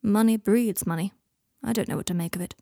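A woman's voice: mid-range voice, fairly quick, dark tone, close to an everyday voice. A woman reading an audiobook and voicing a bitter, sardonic young man who talks in a cold, mocking drawl. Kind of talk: audiobook reading of fan fiction.

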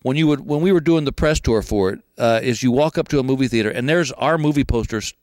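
A male comedian, telling a comic story and chatting as an interview guest, animated and acting out the people in it. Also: mid-range voice, fast, dry recording. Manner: animated, acts out voices, laughing through the story.

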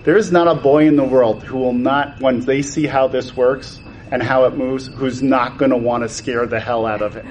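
Animated man telling stories. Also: mid-range voice, normal speed, hardly any pauses, slight background noise, poor audio. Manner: acts out quoted exchanges with voice changes. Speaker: toy designer guest. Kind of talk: animated storytelling in conversation.

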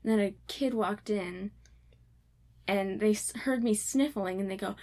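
A young woman co-hosting a podcast, telling funny stories in a giggly, animated way and acting out the voices in them. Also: mid-range voice, measured pace. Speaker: podcast co-host. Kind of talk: casual chat, animated storytelling.

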